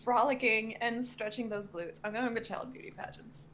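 Giggly woman, real high voice, excitable, cracking jokes during a card game. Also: normal speed, slight background noise. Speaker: podcast co-host. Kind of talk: casual chat over a party card game.

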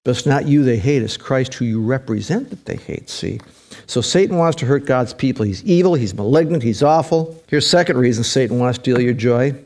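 A man's voice: mid-range voice, fairly quick, a little mellow. A middle-aged man preaching a sermon with emphatic delivery, repeating key phrases for weight. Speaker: pastor.

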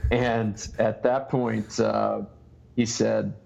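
A low-pitched man with a gravelly, husky voice tells a long story as a guest on a casual interview. He circles back and restarts his sentences constantly. The recording is dull and lo-fi. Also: flat delivery, a little mellow. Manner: halting storytelling with many restarts. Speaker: ultrarunner guest.

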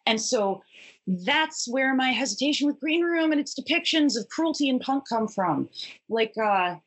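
A woman's voice: sits high, expressive, normal speed, a bit bright, slightly rough. A woman and punk musician telling a long, wry, profane anecdote in casual conversation. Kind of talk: conversational storytelling.

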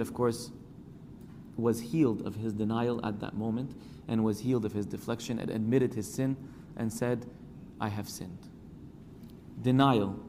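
A man's voice: medium pitch, a little mellow, slight background noise. Man preaching in a reverberant church. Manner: preaching with rising emphasis, acting out quoted voices. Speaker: priest. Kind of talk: sermon. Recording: church hall reverb, faint ambience.

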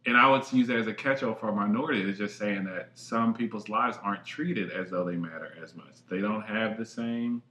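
A man's voice: fairly low pitch, a little fast, hardly any pauses, bright, forceful tone. A man co-hosting a casual chat, emphatic and slangy with plenty of swearing. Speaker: podcast co-host. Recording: echoey room.

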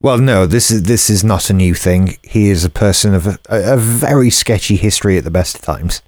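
A man with a lowish voice runs through gaming news in a measured, slightly hesitant manner. His voice sounds dry and close to the mic. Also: darkish tone, dry recording. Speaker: podcast co-host. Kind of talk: casual news chat.

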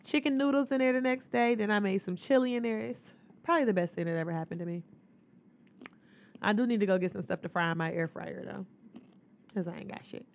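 A woman's voice: medium pitch, fairly even intonation, fast, long pauses, muffled recording. A woman co-hosting a podcast in loose, profane casual chat, laughing often as she retells stories. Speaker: podcast co-host.

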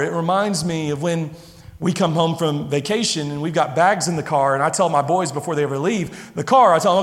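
A middle-aged man preaching a sermon to a congregation, animated, now and then acting out the voices of his listeners and his children. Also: a little high, brisk. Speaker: pastor. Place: church sanctuary. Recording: long reverb of a large hall.

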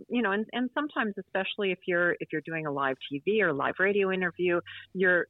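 A woman's voice: fairly low pitch, no room sound. A woman from Wisconsin with an American Midwestern accent, a guest speaking in a casual podcast interview with a chatty, self-deprecating manner and frequent restarts. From Wisconsin, USA. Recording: tinny phone-like line.

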